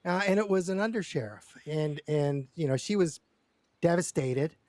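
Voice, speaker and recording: A man's voice: on the high side, normal speed, darkish tone, dry recording. A man telling a long story in character during a roleplay session, rambling and stammering with lots of repeated words and casual swearing.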